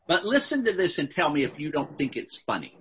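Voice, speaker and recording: A man preaching a sermon in short phrases, pausing for an interpreter and acting out the quotes with big jumps in his voice. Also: slight background noise. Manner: animated, acts out quotes with big pitch jumps.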